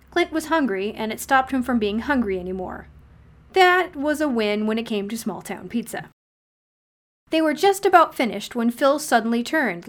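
A woman narrating an audiobook-style story. She reads steadily with a wry storyteller's touch. Her voice sits slightly high. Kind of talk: audiobook fan-fiction reading.

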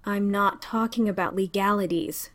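A woman reading an audiobook voices a gentle, worried male doctor with a soft, concerned manner. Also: medium pitch, fairly even intonation, moderate pace, natural voice. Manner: soft, concerned, sometimes swearing.

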